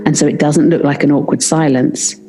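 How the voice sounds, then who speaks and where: A woman's voice: deep voice, fairly even intonation, a little fast, music in the background. A British woman who works as a midwife, telling a story in a podcast interview and acting out the dialogue she quotes. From Britain. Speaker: midwife guest.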